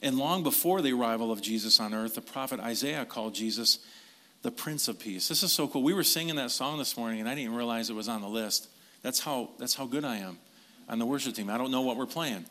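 A man preaching a sermon in a relaxed, conversational way, tossing in asides and questions to his listeners. His voice has a bright, forceful edge. He keeps the delivery animated and direct. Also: mid-range voice, fast. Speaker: pastor.

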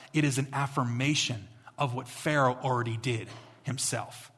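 A male pastor preaching a sermon that moves from quiet to emphatic, repeating key lines. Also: on the high side, slightly rough. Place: church. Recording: echoey church hall.

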